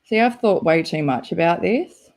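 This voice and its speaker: A woman's voice: lowish voice, animated, moderate pace, a little mellow. A woman hosting a live stream, chatting casually and rambling with lots of "like" and giggles. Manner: rambling, giggly, full of "like" fillers.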